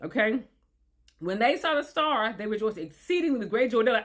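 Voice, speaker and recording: Lady going through bible verses, chatty and animated, kinda high voice. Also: a little fast. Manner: chatty, animated, with frequent rephrasing and asides to listeners. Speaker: Bible teacher. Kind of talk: casual Bible study commentary.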